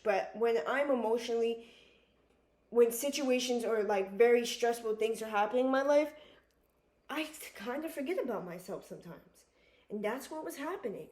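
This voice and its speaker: A woman's voice: a little high, darkish tone, reverberant. Earnest young woman, emotional confessional vlog. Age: young adult. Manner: emotional, earnest, repeats herself, frequent "like" and restarts. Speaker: vlogger. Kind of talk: personal confessional talk to camera.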